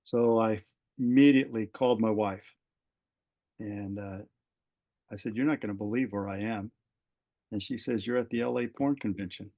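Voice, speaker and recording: A man's voice: lowish voice, normal speed, long pauses, dull audio. A middle-aged man, a retired fire captain, telling a personal story as a podcast guest, acting out the dialogue with many fillers and restarts. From California. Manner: animated storyteller, voices quoted dialogue, frequent fillers and restarts.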